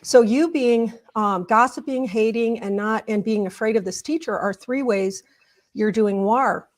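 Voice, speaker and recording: Speaking a little slowly in a slightly high voice, a woman who works as a culture change consultant walks through a past conversation step by step while being interviewed as a guest.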